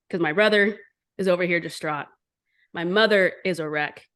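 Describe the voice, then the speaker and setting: In a fairly low voice at a moderate pace, a woman in her forties tells her entrepreneurial story as an interview guest. She's blunt and animated, and she swears a lot.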